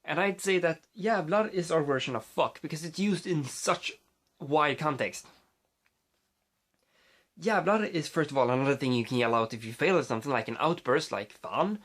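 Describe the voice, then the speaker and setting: A man's voice: fairly high pitch, moderate pace, a bit bright. A man with a Swedish accent, a native Swedish speaker, vlogging casually into his phone, rambling with many fillers and restarts.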